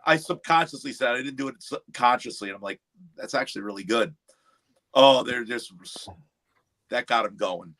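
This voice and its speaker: A man's voice: medium pitch, moderate pace. An older man hosting a casual chat over drinks, telling stories and quoting movies. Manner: animated storyteller, quotes movies and friends. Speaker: livestream host.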